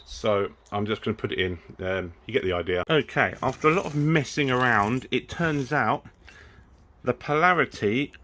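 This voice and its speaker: A man's voice: medium pitch, a bit bright. A man casually talking through a car repair, chatty and easily frustrated, working under the car with the camera close to his face. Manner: chatty, frustrated, swears and laughs at himself. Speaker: car modding vlogger. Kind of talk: casual DIY car vlog.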